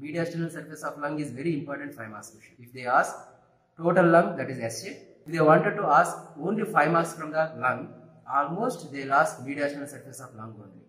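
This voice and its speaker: A man's voice: fairly high pitch, brisk, a bit bright. A man teaching anatomy, repeating terms and checking in with students. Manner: repetitive teacherly, checks with "Right?" and "Clear?". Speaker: anatomy lecturer. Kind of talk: classroom anatomy demonstration. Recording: echoey room.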